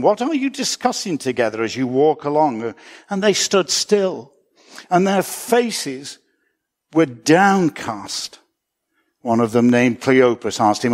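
Man, pastor, sermon, earnest and reflective, slightly high voice, self-correcting. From Britain.

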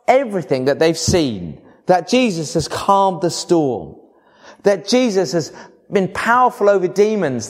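A man preaching a sermon to a congregation, with expressive, varied emphasis. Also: high voice.

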